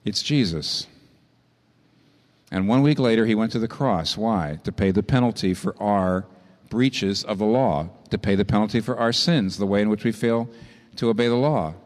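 A man preaching a sermon, impassioned, often climbing sharply in pitch to drive a point home. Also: normal speed, darkish tone, long reverb tail. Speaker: pastor.

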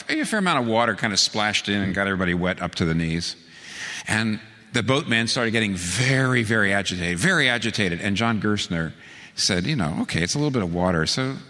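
Bright-voiced man preaching in a hall. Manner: storytelling, voices quoted lines with big pitch jumps. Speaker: pastor. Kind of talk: sermon.

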